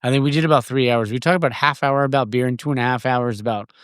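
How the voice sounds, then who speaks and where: A man's voice: medium pitch, fairly even intonation, quick pace, a bit bright, clear, resonant tone, no room sound, studio quality. A man hosting a casual podcast chat, enthusiastic and rambling, cursing freely and restarting his sentences. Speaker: podcast host.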